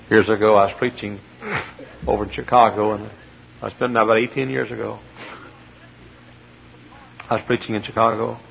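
A man's voice: fairly low pitch, creaky. A male pastor preaching a sermon in a church, telling a story with emphatic bursts. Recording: dull lo-fi sermon tape with faint hiss.

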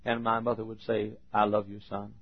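Older male preacher, husky, dull lo-fi sound; storytelling sermon that swings from hush to loud emphasis. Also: on the low side, completely flat delivery, normal speed.

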